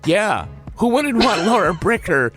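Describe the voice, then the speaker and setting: A man co-hosting a podcast with a very animated, swooping delivery and faint music underneath. He cracks dry jokes and tells small stories with lively energy. Relaxed, easy talk between regulars. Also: sits high, measured pace. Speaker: podcast co-host. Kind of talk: casual podcast banter.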